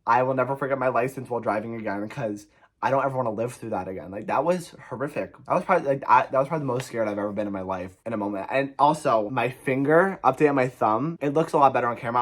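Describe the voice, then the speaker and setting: A young man from New Jersey telling a frantic, profane storytime in a rambling, animated way. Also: medium pitch, quick pace. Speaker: vlogger. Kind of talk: storytime vlog.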